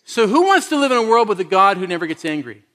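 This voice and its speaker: A man's voice: sits high, sing-song, fast talker, a bit bright. A man preaching a sermon in a conversational way, asking the listeners questions and laughing often. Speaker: pastor.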